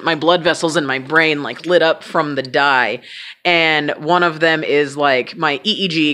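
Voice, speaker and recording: Bright-voiced woman telling a candid story. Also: sits low. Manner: candid, swears freely, self-mocking humor. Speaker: vlogger. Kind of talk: casual personal storytelling.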